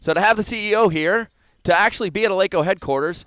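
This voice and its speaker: An enthusiastic male podcast host with a slightly higher voice than most men. His tone is smooth and clear, and he talks with lively excitement. The sound is dry and close. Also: no echo. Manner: enthusiastic, animated, quick restarts. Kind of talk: excited casual chat. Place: company headquarters.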